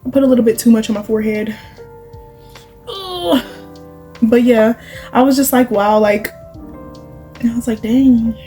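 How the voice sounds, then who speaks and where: A woman's voice: a little high, moderate pace, long pauses, warm tone, faint music behind, rough recording. A young woman, rambling and confiding as she chats through her makeup routine, with plenty of "like" and "you know". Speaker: vlogger. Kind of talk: casual chatty vlog while doing makeup.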